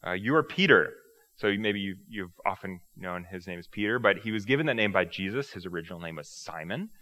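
Here a man preaches in a laid-back, chatty style, peppering his sermon with rhetorical questions and jabs at himself. He talks quickly, his pitch low yet his tone bright and powerful.

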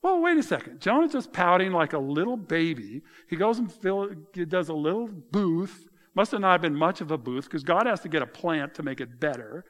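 Middle-aged man preaching, somewhat high voice, animated and mocking in asides. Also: normal speed, hardly any pauses. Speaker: pastor. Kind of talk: sermon.

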